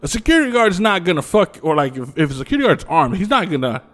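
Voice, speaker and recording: Animated, profane man telling a ghost story. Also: sits high, rapid-fire. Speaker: podcast co-host. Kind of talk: casual storytelling chat.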